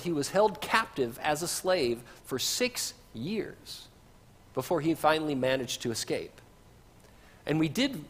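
Male pastor, sermon; husky, animated delivery, easygoing asides; reverberant church stream. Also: fairly high pitch. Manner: conversational, with casual asides. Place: church sanctuary.

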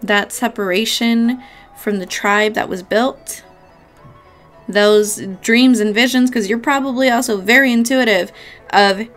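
A woman's voice: mid-range voice, steady tone, slow pace, a bit bright, faint music behind. A woman giving a casual pick-a-card tarot reading, chatty and affectionate, with casual swearing. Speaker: tarot reader.

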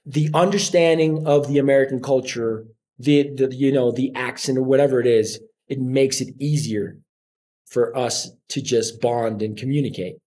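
A man in his forties with a Colombian Spanish accent, chatting as a podcast guest and telling stories with lively acted-out quotes. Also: mid-range voice, moderate pace. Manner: animated storyteller acting out quoted voices. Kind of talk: casual interview chat.

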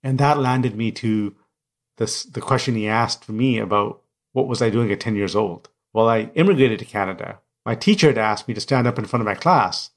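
A man's voice: on the low side, normal speed. A middle-aged man whose first language is not English, telling his life story candidly as an interview guest. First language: non-English first language. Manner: reflective and candid. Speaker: guest, coach and speaker.

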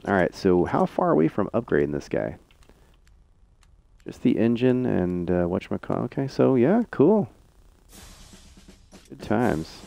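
A man streaming a tank game live, chatting excitably to teammates and viewers. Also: lowish voice, vocal fry, no room sound. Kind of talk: live gameplay commentary.

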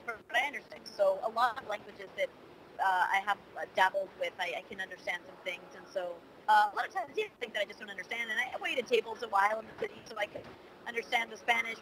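A woman voice actor talks through an interview casually and candidly. She has a mid-range voice and is full of fillers and quick asides. She sounds lively and open. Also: medium pitch, noisy background. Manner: candid and lively, with frequent "um" and "you know".

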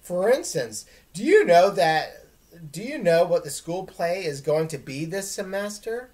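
A woman's voice: lowish voice, expressive, unhurried, darkish tone. Woman reading a sarcastic schoolgirl. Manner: dry, sarcastic. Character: sarcastic, level-headed middle-school girl.

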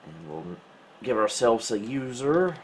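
Man, mid-pitched voice, casual gameplay commentary, wry self-mocking asides, faint room noise. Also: very animated, measured pace. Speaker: retro computer channel host.

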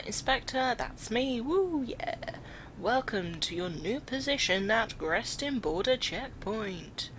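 A woman's voice: medium pitch, noisy background. A woman giving casual commentary while playing a video game, reading the on-screen text aloud and joking about it. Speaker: let's play gamer. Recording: game music underneath. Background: game music.

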